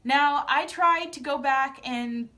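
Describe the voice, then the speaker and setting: A young woman vlogging sassy, animated, opinionated commentary in casual chat. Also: high voice, takes it slowly. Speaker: vlogger recapping a TV show.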